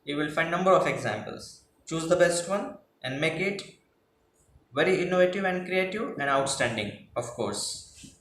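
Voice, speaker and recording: A man's voice: a little high, expressive, moderate pace, a bit bright. A male teacher, patiently explaining class projects and rephrasing each point. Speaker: English teacher. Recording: echoey room with faint noise.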